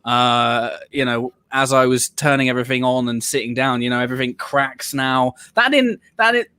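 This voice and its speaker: Stream host, male, mid-pitched, plays up his weariness for laughs, dry room. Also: moderate pace, pushed and bright, clear, resonant tone, no echo. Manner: theatrical, mock-weary. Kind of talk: casual live stream chat.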